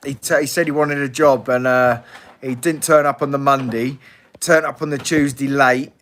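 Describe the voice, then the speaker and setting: A man's voice: medium pitch, steady tone, moderate pace, fairly bright tone. A man hosting a casual live Q&A, blunt and swearing freely, laughing often. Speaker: livestream host.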